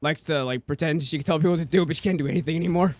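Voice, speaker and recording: A man's voice: on the high side, very fast, no room sound, clean studio sound. A young man streaming a game, ranting casually and swearing a lot as he acts out what people said to him. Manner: ranting, profane, mimics people he quotes. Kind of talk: casual rant while streaming.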